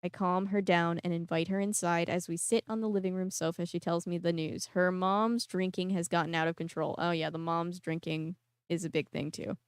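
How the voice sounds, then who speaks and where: Woman host reading a novel aloud with casual commentary; smooth, slightly low voice. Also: little pitch movement, normal speed, dry recording, clean studio sound. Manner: chatty asides, laughs at herself. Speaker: book reader and vlog host.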